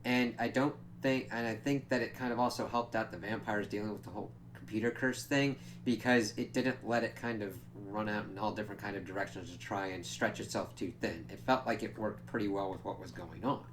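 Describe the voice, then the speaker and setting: A man's voice: fairly low pitch, fairly even intonation, brisk, hardly any pauses, slight background noise. A man giving a casual, rambling spoken review of a TV episode, with loose asides and frequent fillers.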